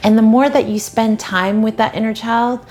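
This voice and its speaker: A woman dating coach giving advice straight to the viewer in a gentle, encouraging way. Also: fairly high pitch, steady tone, normal speed. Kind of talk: advice talk to camera.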